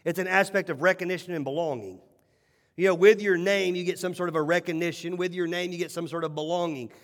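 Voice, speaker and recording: High-voiced preacher man in a reverberant hall. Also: quick pace. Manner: animated, emphatic storytelling with repeated phrases. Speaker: pastor. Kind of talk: sermon.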